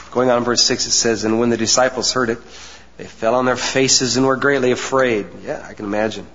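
A man's voice: medium pitch, steady tone. Earnest preaching man in an echoing hall. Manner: earnest preaching with emphatic pauses, drops to soft asides. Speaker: pastor. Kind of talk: sermon. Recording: dull sound with long hall reverb.

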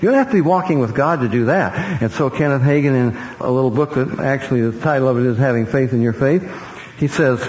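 A man's voice: mid-range voice, quick pace, a little mellow. A man preaching a sermon, emphatic and sometimes mocking in his repetition. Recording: echoey hall, dull sound with faint hiss.

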